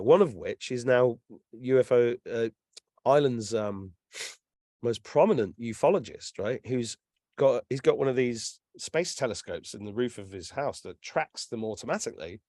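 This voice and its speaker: An English man in his fifties, telling stories in a casual chat as a guest, animated and swearing freely. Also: mid-range voice, no echo, clean studio sound. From England. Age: 50s. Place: lives in Ireland.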